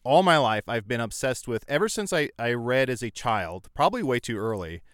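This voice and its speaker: A man talks as a guest in a casual chat, animated and quick to poke fun at himself. His voice is smooth and resonant. The sound is dry and close. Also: medium pitch, no echo. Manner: animated, self-deprecating storyteller. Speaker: podcast guest.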